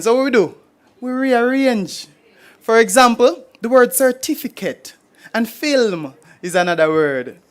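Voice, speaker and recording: A man's voice: very high voice, fairly bright tone. A Jamaican man performing humorous poetry at a live forum, playful and rhythmic, switching into Patois and chuckling between lines. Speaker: poet performer.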